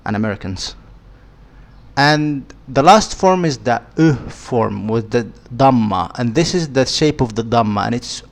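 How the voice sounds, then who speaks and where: A man, an Arabic speaker, leads a beginner lesson at an unhurried, deliberate pace. He patiently repeats and sounds out each letter one at a time, his voice sitting at an ordinary middle pitch. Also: animated. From Egypt. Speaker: Arabic teacher.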